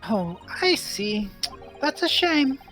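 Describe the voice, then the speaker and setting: A woman's voice: sits high, sing-song, slow, bright, forceful tone, soft background music, heavily acted. A woman doing a chirpy ten-year-old girl. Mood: playful.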